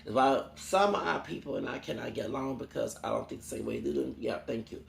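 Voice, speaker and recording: Rambling, preachy male YouTuber ranting to camera; very gravelly, echoey room. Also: mid-range voice, sing-song, fairly quick, a little hiss or hum. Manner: rambling and preachy, quoting Bible verses and asking "okay?". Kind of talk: ranting vlog monologue. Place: home in Houston.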